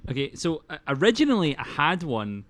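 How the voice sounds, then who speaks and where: A man, a comedian guest on a podcast, telling a story in a halting way with many fillers. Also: on the high side, sing-song, fairly bright tone. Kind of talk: casual storytelling.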